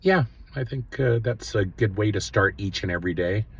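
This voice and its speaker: A man hosting his own show, giving earnest spiritual self-help advice in a casual way, with many pauses and fillers. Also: on the low side, breathy edge. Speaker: host.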